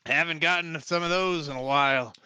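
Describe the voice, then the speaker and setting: A teasing older villager shouts down from his perch in a tabletop game, played by a man. The voice sits high and bright. The sound is close and dry. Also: a little fast, clean tone, dry recording. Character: older male mountain villager, cheeky lookout.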